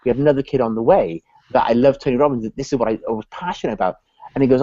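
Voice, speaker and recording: Dark-voiced man telling a business story. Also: mid-range voice, very fast, dry recording, highs cut off. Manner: animated, acts out voices in his anecdotes. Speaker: business consultant guest. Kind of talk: storytelling in a live video chat.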